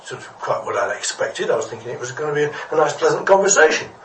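A man's voice: a little high, animated, quick pace, slight background noise, natural voice. A man voicing a small, earnest fish puzzled by the others. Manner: earnest, bewildered. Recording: echoey room from a distance.

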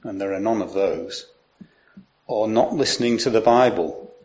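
A man preaching a sermon, explaining and reading scripture aloud in a measured way. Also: lowish voice, a little mellow, lo-fi sound.

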